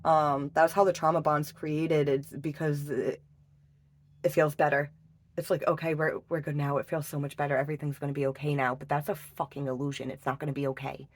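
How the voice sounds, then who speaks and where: A woman giving a casual tarot reading, emotional and halting, swearing often and restarting her sentences. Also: deep voice, level tone. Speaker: tarot reader.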